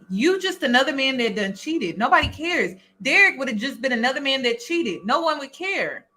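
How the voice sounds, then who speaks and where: A woman's voice: a little high, bright, forceful tone. A woman hosting a reaction video, talking bluntly and with exasperation, swearing as she comments. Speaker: YouTube reaction host.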